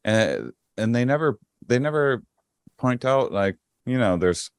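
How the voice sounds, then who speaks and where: A man guesting on a podcast in casual chat, speaking with a slow, calm, grounding cadence and frequent hesitant restarts. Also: medium pitch, clean tone, no echo, clean studio sound. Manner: hesitant restarts, repeated words.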